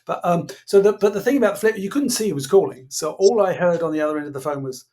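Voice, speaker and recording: A man with a husky, slightly raised voice tells his story as a podcast guest. He acts out each exchange and chuckles through the punchlines. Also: sits high, quick pace, darkish tone. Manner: acts out quoted dialogue, laughs while telling. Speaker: guest, former innovation executive. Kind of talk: animated anecdotal storytelling.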